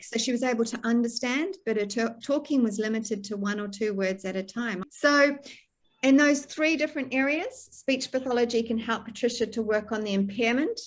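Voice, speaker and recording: A middle-aged woman from New Zealand talks a stroke support group through practical advice over a video call. Her voice sits a little high, and she explains in an easy, down-to-earth way, pausing on fillers and restarting phrases as she goes. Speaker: speech pathologist.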